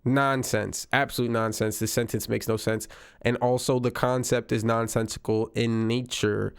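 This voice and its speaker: Wry, smooth-voiced man reacting casually. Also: medium pitch, level tone, moderate pace, no echo, clean studio sound. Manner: wry, incredulous, repeats himself for effect. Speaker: commentator reacting to news clips.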